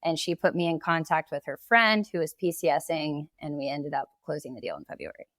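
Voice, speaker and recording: Real estate agent, woman, low voice, conversational, dry close mic. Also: fairly quick, fairly bright tone, dry recording. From Oklahoma. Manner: conversational, explaining at length with laughs. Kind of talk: casual podcast interview.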